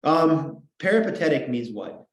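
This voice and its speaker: A man's voice: fairly high pitch, big pitch swings, normal speed. A man teaching a class, lecturing in a playful, joking way with chatty asides. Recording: roomy classroom echo.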